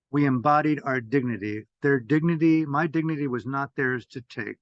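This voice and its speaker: An older man giving an impassioned talk as a meditation teacher, swearing freely and swinging between loud bursts and hushed asides. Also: mid-range voice, normal speed, no echo. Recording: dull, dry lo-fi audio.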